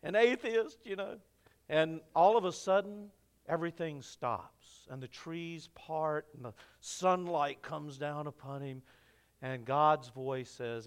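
A male pastor preaches in a relaxed, conversational manner, often turning to ask his listeners questions. His voice sits high for a man and sounds smooth and resonant. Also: slow. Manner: conversational storytelling, addresses the congregation. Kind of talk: sermon.

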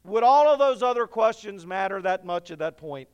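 A man preaching a sermon, earnest and conversational, reading scripture and pausing for effect. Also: high voice, expressive, clear, resonant tone, muffled recording. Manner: earnest, conversational preaching with dramatic pauses and drops to a hush. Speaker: pastor.

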